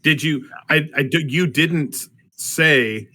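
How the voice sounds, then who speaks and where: A man's voice: fairly high pitch, slow pace, bright, forceful tone. A man playing a tabletop game, questioning another player methodically and repeating himself as he thinks. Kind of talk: tabletop game play over voice chat.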